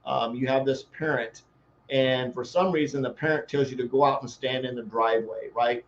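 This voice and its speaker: A male life coach talks in a folksy, rambling way, spinning homespun analogies as he goes. His voice sits at an ordinary middle pitch for a man. The recording is a little dull, with a faint hiss of background noise behind him. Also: fairly even intonation, normal speed. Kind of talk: motivational talk.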